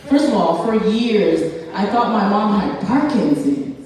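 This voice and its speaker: A woman's voice: mid-range voice, very animated, measured pace, darkish tone. A woman in her thirties doing a stand-up comedy set, brash and self-mocking with punchy timing. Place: comedy stage. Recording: echoey hall, voice from far off.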